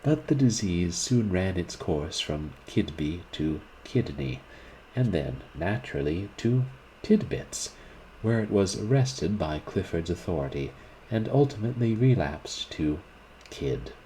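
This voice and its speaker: A man reading a classic short story aloud, in a deliberate, expressive manner, shifting his voice for the characters. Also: sits low, slight background noise, poor audio.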